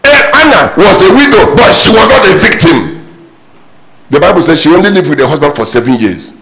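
Lively, emphatic male preacher. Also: fairly high pitch, brisk, a crowd in the background, poor audio. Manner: emphatic, repetitive preaching with sudden rising exclamations. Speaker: pastor. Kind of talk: sermon.

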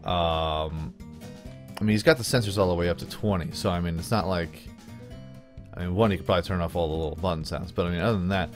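A man's voice: low-pitched, fast talker, over music. A man casually commenting on his own gameplay video in a playful, goofy way, often chuckling. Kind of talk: casual let's play commentary.

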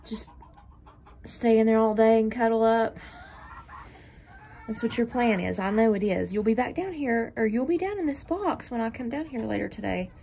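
A woman who vlogs about keeping chickens talks casually to the camera during outdoor chores at a coop in freezing weather, addressing her hens sweetly. Her voice is fairly high but gravelly and dark in tone, delivered at a moderate pace. The recording has a little hiss or hum, and chickens cluck behind her.

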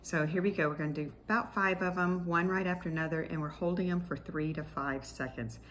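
A woman's voice: lowish voice, steady tone, brisk, background noise. A woman speech-language pathologist leading an online exercise class, explaining each step patiently in clinical terms, with small restarts.

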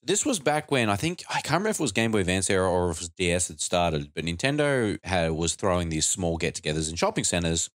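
A man's voice: sits low, very animated, quick pace, few pauses, no room sound, studio quality. A young man co-hosting a casual podcast, telling stories and cracking crude jokes. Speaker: podcast co-host. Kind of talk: casual chat.

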